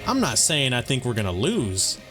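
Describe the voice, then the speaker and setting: A man's voice: medium pitch, huge pitch swings, moderate pace, a bit bright, soft background music. A young man hosting a gaming channel, chatting casually and profanely over gameplay, rambling and correcting himself as he goes.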